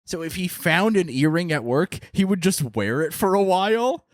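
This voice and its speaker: A man's voice: sits high, expressive, moderate pace, no room sound, clean studio sound. A man co-hosting a podcast, telling stories in casual chat, swearing freely and laughing as he talks. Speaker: podcast co-host.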